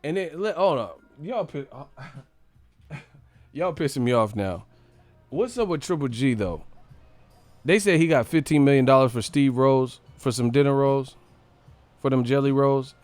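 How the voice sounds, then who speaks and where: A young man from the United States, hosting a casual live stream and joking loudly with lots of profanity. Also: mid-range voice, lively intonation, measured pace, long pauses, no echo, faint music behind. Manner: loud, profane, joking, laughs a lot.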